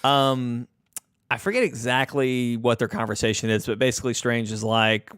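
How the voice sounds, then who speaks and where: Relaxed man with a smooth dry voice. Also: mid-range voice, normal speed, no room sound. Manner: relaxed, rambling with fillers. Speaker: podcast co-host. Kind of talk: casual movie recap chat.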